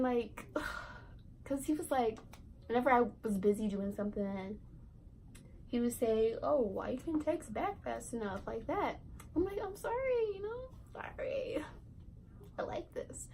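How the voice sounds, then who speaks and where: A woman's voice: on the high side, a little hiss or hum, rough recording. A teenage girl telling a casual storytime vlog, chatty and full of fillers and asides. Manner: chatty, lots of fillers and self-interrupting asides. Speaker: vlogger.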